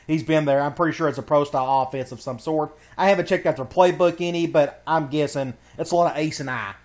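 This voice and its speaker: A man's voice: on the high side, darkish tone. A man giving casual, laid-back commentary on a video game, thinking aloud as he browses menus and plays.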